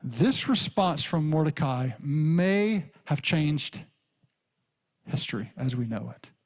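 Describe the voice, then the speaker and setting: Rich: A male pastor, preaching with animated storytelling. His voice sits on the higher side, and he slips into the characters as he goes. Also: slow pace. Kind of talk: sermon.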